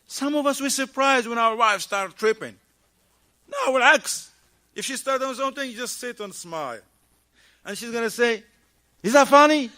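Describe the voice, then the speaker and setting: A man giving an animated talk at a mosque, firing rhetorical questions at the audience and acting out short dialogues. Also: extremely high pitch, moderate pace. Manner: acts out little dialogues in shifting voices. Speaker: mosque lecturer. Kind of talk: lively mosque talk on marriage.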